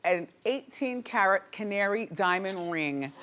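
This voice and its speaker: A woman hosting a gossip talk show, chatty and playful with loud exclamations, in a studio with a live audience. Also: mid-range voice, lively intonation, unhurried. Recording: noisy studio with crowd. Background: audience laughter and cheers.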